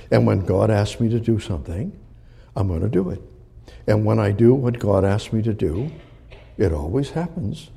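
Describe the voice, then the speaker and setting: An older man preaching a sermon as pastor, with a gravelly voice, acting out crowd quotes. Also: lowish voice, mellow.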